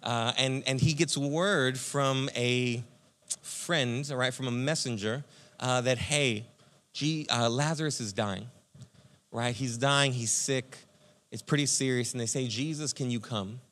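A man pastor giving a conversational, energetic sermon, speaking to listeners as friends. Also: medium pitch, takes it slowly.

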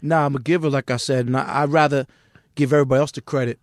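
A man's voice: medium pitch, steady tone, fast, no echo. Middle-aged man, New York accent, blunt street talk, profane, podcast guest, dry close mic. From Queens, New York. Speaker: music manager, guest. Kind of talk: candid podcast interview.

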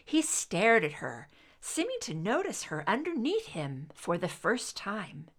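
A woman reading a story aloud as narrator, in an expressive, unhurried way. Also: mid-range voice. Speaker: reader.

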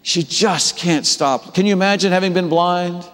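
A man preaching a sermon, telling the story with animated delivery and acting out the characters' voices. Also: high-pitched, normal speed, in a large hall. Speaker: pastor.

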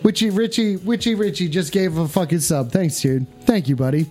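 A loud, foul-mouthed man hosting a livestream, his voice pitched high as he shouts catchphrases at the camera. Faint music plays behind him. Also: moderate pace. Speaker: livestream host. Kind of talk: rowdy livestream banter. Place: at home in front of cameras.

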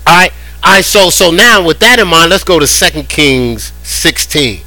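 A man preaching a sermon in a conversational, animated way, often repeating words as he goes. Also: a little high, moderate pace, low-quality recording. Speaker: pastor.

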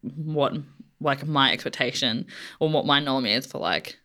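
A young woman with a low, deep voice chats loosely on a podcast. She leans on lots of "like" fillers and laughs easily. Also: unhurried. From Australia. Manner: relaxed, many "like" fillers, laughs often. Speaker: guest. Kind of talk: casual chat.

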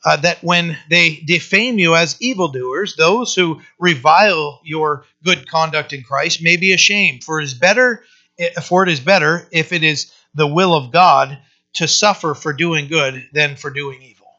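A male pastor preaching a conversational sermon, often pausing with fillers and restarting his sentences. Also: on the high side, pushed and bright, dull audio.

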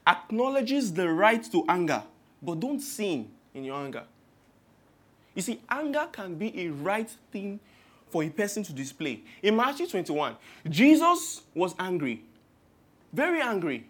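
A man with a Nigerian accent delivers a sermon in a high-pitched voice. He preaches with humor and rhetorical flair, stacking up long spoken lists. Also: fairly bright tone.

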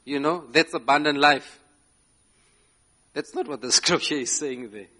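A man's voice: a little high, a little slow, pushed and bright. A man preaching a sermon to a congregation, emphatic, often asking "yeah?" and laughing between phrases. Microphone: slides shown, speaking to a live congregation.

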